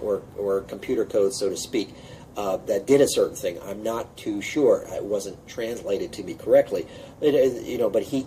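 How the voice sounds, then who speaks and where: A man teaching how to recite a mantra, rambling with repeated words and chanting the syllables slowly. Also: mid-range voice. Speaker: meditation teacher. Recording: distant mic, noisy background tape.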